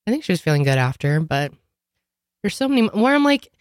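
A woman's voice: deep voice, very animated, fast, darkish tone, dry recording, clean studio sound. A woman co-hosting a casual podcast chat, congested with a sore throat, rambling with lots of fillers. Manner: rambling, filler-heavy, laughs often. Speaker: podcast co-host.

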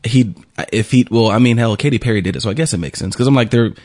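A man's voice: medium pitch, quick pace, darkish tone, dry recording, clean studio sound. A man co-hosting a radio show, chatting casually with lots of ums and laughs. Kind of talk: casual banter.

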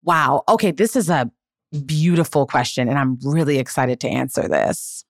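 A woman's voice: rumbling low, moderate pace, no room sound, studio quality. A woman in her thirties hosting a podcast, telling a personal story in an earnest, emotional, reflective way. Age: 30s. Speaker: podcast host.

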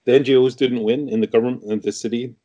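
A man's voice: medium pitch, steady tone, fast talker, warm tone. A middle-aged man from Canada, an interview guest, telling a story casually with many restarts and fillers.

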